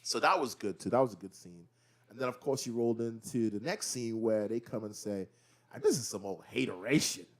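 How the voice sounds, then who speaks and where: A man chatting with a lively, swooping voice that rises and falls as he recaps a show. He acts out the characters' lines as he goes, keeping things casual and conversational. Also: mid-range voice, a little fast. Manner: animated, acts out the scenes in quoted voices. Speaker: podcast co-host. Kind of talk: casual pop-culture chat.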